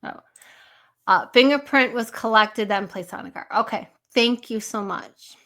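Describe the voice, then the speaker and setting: A woman's voice: fairly high pitch, measured pace, a bit bright. A woman hosting a casual live stream, rambling, laughing often and chatting with her viewers.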